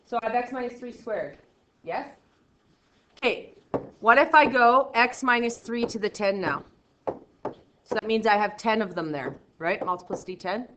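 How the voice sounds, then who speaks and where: A woman teaching a math class, counting steps out loud, trailing off quietly, and checking in with "right?". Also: on the high side, normal speed, pauses often, noisy background. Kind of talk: classroom lecture. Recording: roomy classroom sound, slightly dull.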